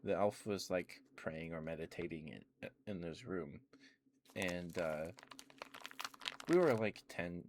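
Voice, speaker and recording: A young man rambling through relaxed ASMR chat on a stream, with lots of filler words, at a close mic. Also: sits low, slow, long pauses, noisy background. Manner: rambling, meandering, full of "like" and "um" fillers. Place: home streaming setup.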